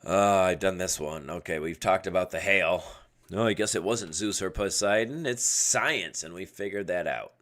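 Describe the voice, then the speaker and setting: A man with a deep, slightly bright voice hosts a casual solo livestream podcast from his computer webcam. Speaking at a moderate pace, he rambles and drifts off on tangents.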